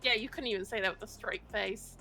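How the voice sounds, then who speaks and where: Woman scolding down a phone line in roleplay, blunt and profane, crisp bright tone. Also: medium pitch, fairly quick, faint music behind. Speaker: roleplay character from the mayor's office. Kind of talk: in-character roleplay phone call.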